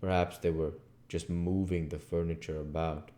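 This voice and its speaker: A low-pitched man narrates a classic novel as an audiobook. His reading is slow and expressive.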